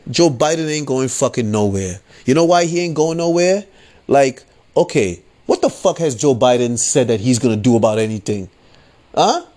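A man hosting a podcast speaks in a somewhat mellow, mid-range voice as he rants casually about politics. He curses freely, keeps repeating "you know what I'm saying," puts on mocking voices for people he quotes, and laughs at his own points.

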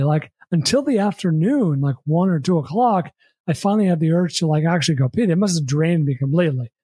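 An American man, a podcast host, telling a long story in casual chat, rambling and repeating words, acting out quick quotes. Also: fairly high pitch, a little mellow, husky, dry recording.

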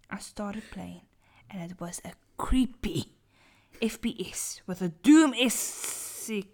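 Breathy woman reading in a hush. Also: medium pitch. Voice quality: breathy, slow, half-whispered delivery. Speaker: podcast co-host reading a story. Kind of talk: dramatic storytelling reading, often hushed.

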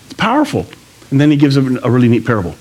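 Male pastor, lively sermon, casual asides, mid-pitched voice. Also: very fast. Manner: animated, conversational, jokey asides.

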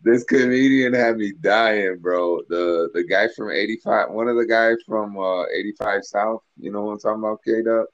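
A man's voice: on the low side, steady tone, moderate pace, few pauses, muffled recording. A man co-hosting a podcast, telling stories in a loose, profane, laughing way. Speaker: podcast co-host. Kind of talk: casual chat.

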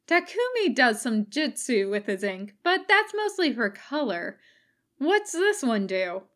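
A woman reading the part of a young male ninja recruit who speaks dry and deadpan, slowly. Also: sits high, pitched above the performer's own voice.

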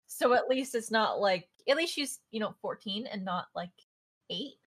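A woman's voice: mid-range voice, expressive, normal speed, breathy edge. A woman co-hosting a podcast, chatting casually about a TV show, musing and hedging with filler words. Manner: musing, hedging with "like" and "I don't know". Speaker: podcast co-host. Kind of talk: casual commentary.

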